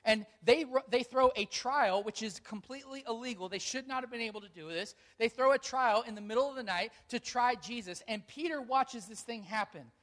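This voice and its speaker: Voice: mid-range voice, fairly quick, hardly any pauses, a bit bright. A pastor preaching a sermon to a congregation, retelling a story with earnest emphasis.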